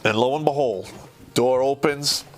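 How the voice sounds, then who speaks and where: A man's voice: mid-range voice, a little slow. A man hosting a podcast who tells stories in a casual, rambling way and swears heavily. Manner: profane, rambling and conversational. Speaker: podcast host. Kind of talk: casual storytelling.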